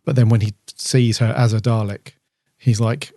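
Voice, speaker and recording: A man's voice: on the low side, fairly even intonation, normal speed, mellow, no echo, studio quality. A man co-hosting a podcast, chatting casually about an episode, with a rambling delivery full of fillers and restarts. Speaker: podcast co-host. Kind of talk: casual chat reviewing an episode.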